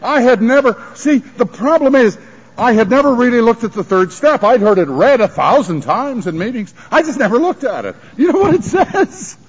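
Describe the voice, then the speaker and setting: High, lively-voiced man on old lo-fi tape. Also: normal speed, slightly rough. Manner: emotional, confessional, wry humor. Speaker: recovery meeting speaker. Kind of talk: personal story talk at a sobriety conference. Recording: dull lo-fi archival tape.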